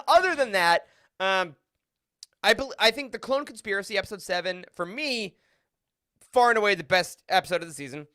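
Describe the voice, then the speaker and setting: Bright high-voiced enthusiastic male podcast host. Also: dry recording, clean studio sound. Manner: enthusiastic, laughs often, animated asides. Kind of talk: casual podcast roundtable.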